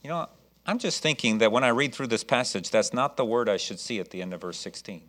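A man preaching a sermon, reading scripture and acting out the people in the story with lively, shifting delivery. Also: medium pitch, brisk. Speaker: pastor.

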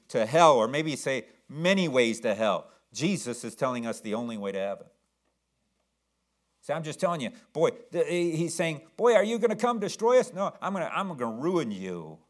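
A man preaching a sermon, swinging between loud exclamations and soft asides. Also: medium pitch.

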